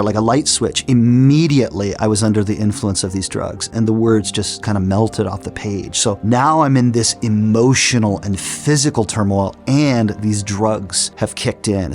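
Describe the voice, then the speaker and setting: A middle-aged man telling his personal testimony in an earnest storytelling way, with frequent restarts. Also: fairly low pitch. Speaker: testimony speaker. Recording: soft music underneath.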